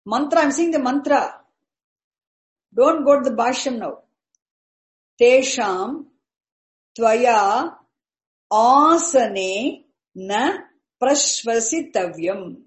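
Slow, deliberate woman teacher, echoey room. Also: a little high, expressive. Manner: syllable-by-syllable chanting, then quick asides. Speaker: Sanskrit teacher. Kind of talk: slow recitation and explanation of a text.

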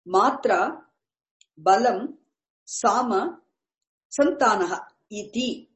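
A woman teaching Sanskrit terms, speaking deliberately and repeating each key word. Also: fairly high pitch. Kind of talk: slow explanatory lecture. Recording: echoey room.

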